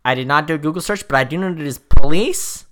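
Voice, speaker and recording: A man's voice: on the high side, lively intonation, fast talker, a bit bright. A man on a casual movie podcast shares trivia, and his voice rises and falls with animation. He laughs easily between points. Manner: laughing often, sharing trivia. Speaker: podcast co-host.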